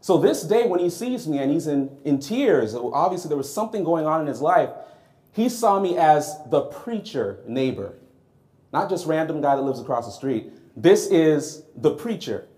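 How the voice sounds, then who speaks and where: A man preaching a sermon, telling a personal story in a lively, conversational way and acting out his own reactions. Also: fairly high pitch, moderate pace.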